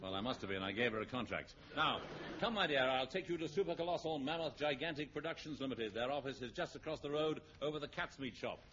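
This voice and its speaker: Deadpan guy narrating an old radio comedy, muffled with lots of hiss. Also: medium pitch, quick pace. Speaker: host and narrator.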